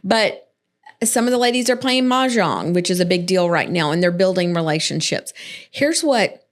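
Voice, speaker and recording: A woman's voice: on the low side, lively intonation, moderate pace. Upbeat chatty woman co-host. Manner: upbeat, chatty, laughs often. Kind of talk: casual church podcast chat.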